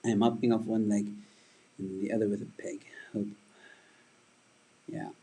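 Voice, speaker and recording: A man's voice: on the low side, level tone, normal speed, dark tone, slightly rough, rough recording. A man who does stand-up comedy, hosting a casual livestream and rambling while he answers viewer comments.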